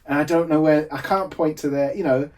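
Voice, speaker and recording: Speaking far from the mic, the English games designer has a fairly high, steady voice with a darkish tone and a brisk pace. He's in a home room shown on camera, chatting casually for a podcast, laughing a lot and restarting sentences.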